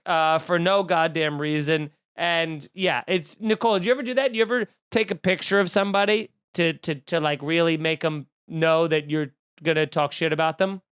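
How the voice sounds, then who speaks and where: A man's voice: sits high, a bit bright, clean tone, no echo, studio quality. A man hosting a comedy podcast, telling a story in a snarky, profane, ranting way.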